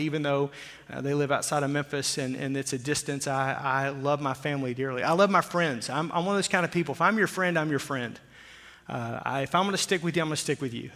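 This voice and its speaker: A man in his forties from Oklahoma, a pastor preaching a sermon with jokey, animated storytelling. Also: on the high side. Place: church sanctuary. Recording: long hall reverb.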